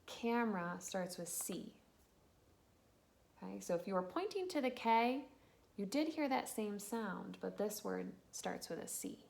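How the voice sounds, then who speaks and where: A woman's voice: mid-range voice, sing-song, creaky, a little mellow. Patient woman teaching phonics to children. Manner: slow, patient, encouraging, sounding out letters. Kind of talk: early phonics lesson for young children.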